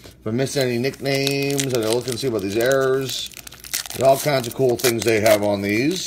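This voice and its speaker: A man's voice: medium pitch, steady tone, normal speed, background noise. A man opening packs of baseball cards, casually reading out player names and sometimes stumbling over hard ones. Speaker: sports card collector opening packs. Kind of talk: casual card-break commentary.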